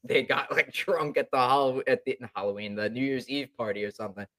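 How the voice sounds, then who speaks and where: A man's voice: medium pitch, fairly even intonation, brisk, fairly bright tone. A young man chatting casually as a hockey fan, rambling with lots of fillers. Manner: rambling, many fillers and restarts. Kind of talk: casual chat.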